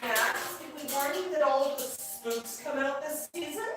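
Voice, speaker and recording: A woman's voice: high-pitched, moderate pace, few pauses. A woman hosting a pet vlog, cooing and chatting in sing-song baby talk to her parrot. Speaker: parrot owner and channel host. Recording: roomy, distant mic, faint music.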